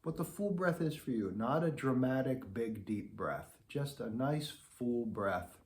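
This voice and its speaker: A man's voice: mid-range voice, lively intonation, unhurried, a little mellow. Easygoing male trombone teacher, echoey room. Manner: easygoing, conversational, demonstrating as he talks. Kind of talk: relaxed instructional talk to camera.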